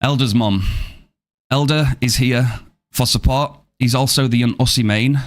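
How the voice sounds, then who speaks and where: A man's voice: mid-range voice, steady tone, unhurried. Upbeat man chatting on a game stream. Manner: upbeat, thanks viewers and reads chat aloud. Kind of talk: casual live-stream chat.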